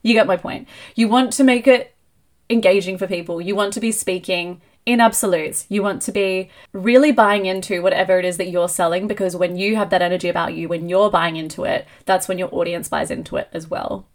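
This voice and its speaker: A woman hosting a solo business podcast, talking in an energetic, emphatic coaching tone. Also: fairly low pitch, a little fast. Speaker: podcast host and marketing coach.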